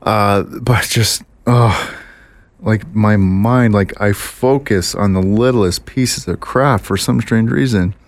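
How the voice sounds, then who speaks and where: A man co-hosting a casual podcast chat, telling stories with lively mimicry and frequent laughs. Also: on the low side, slow pace, no echo. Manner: animated storyteller, mimics voices and laughs often. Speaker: podcast co-host.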